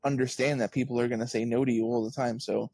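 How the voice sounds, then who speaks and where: Male podcast guest, animated storyteller, dry close sound, mid pitch. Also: fast talker, dry recording. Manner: animated storyteller, acts out quoted exchanges. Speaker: interview guest, author. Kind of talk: casual podcast conversation.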